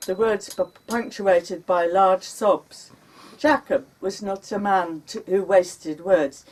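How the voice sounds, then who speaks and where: Brief: woman author, live bookshop reading, deliberate pace, distant mic. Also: medium pitch, steady tone, darkish tone. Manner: unhurried, dramatic when quoting her panicked self. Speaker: author reading her memoir. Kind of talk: live reading of memoir prose. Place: bookshop launch event. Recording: recorded from a distance.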